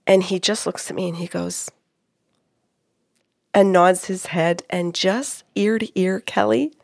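Gravelly-voiced woman telling a story. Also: lowish voice, unhurried, no echo, studio quality. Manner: animated retelling, acting out quotes. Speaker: psychic medium. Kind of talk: storytelling in a conversation.

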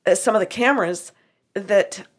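A woman's medium-pitched, slightly rough voice moves at normal speed as she, a medium by profession, tells about a reading. Her chatty retelling is lively, acting out both parties through quoted lines.

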